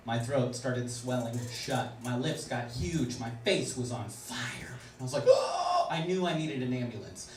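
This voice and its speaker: Man doing stand-up in an echoey club. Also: mid-range voice. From Washington DC. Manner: animated storytelling with acted-out voices. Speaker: stand-up comedian. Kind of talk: stand-up comedy set. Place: comedy club stage before a laughing audience. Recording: echoey room, loud background noise, from far off.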